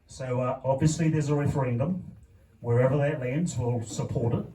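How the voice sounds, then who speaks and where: A man with a New Zealand accent giving a deliberate speech as a council candidate, often checking in with "okay?". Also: medium pitch, dark tone. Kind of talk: public meeting speech. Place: club hall at a public meeting. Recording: distant mic with faint noise.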